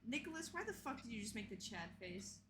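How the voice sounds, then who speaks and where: A woman playing a tabletop game over an online call, slow-spoken, giggly and easily flustered. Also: fairly high pitch, big pitch swings, noisy background. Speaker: player. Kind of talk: casual tabletop game chat.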